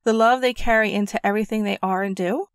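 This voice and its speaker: Brief: woman audiobook narrator, mid-range voice, gentle storytelling, very dry close studio sound. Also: medium pitch, fairly even intonation, fast, smooth, no room sound.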